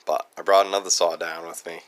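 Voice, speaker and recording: A man's voice: low-pitched, level tone, fast talker, a bit bright, a little hiss or hum. A man chatting casually in a folksy, rambling way as he tells a story for his vlog. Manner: folksy, rambling, retells conversations. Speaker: channel host, chainsaw restorer.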